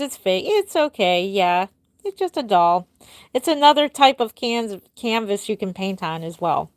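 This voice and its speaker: A woman's voice: medium pitch, dry recording. A woman in her forties hosting a casual livestream as a doll artist, chatting and answering viewer comments. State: tired, yawning.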